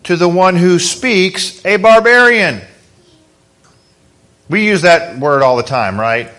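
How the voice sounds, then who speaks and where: A man's voice: sits high, expressive, slow pace, pushed and bright. A man preaching a sermon as pastor, in a conversational way, asking the congregation questions.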